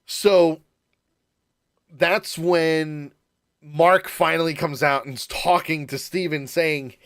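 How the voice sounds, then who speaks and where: A man's voice: fairly high pitch, slow pace, smooth. A man co-hosting a podcast, recapping a TV episode in casual chat, restarting and repeating words and laughing often. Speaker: podcast co-host.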